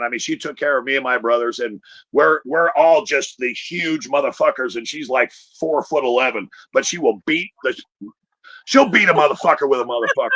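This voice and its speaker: A man's voice: medium pitch, sharp tone, no echo, muffled recording. A middle-aged man telling a profane, rambling stand-up story full of fillers. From Chicago area. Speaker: stand-up comedian.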